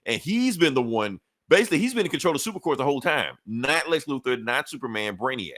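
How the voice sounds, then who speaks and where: Hosting a comic book podcast, this man chats loosely and swears his way through retelling events, quickly acting out quotes as he goes. His voice is medium in pitch, very animated and a bit bright, with no echo on the recording.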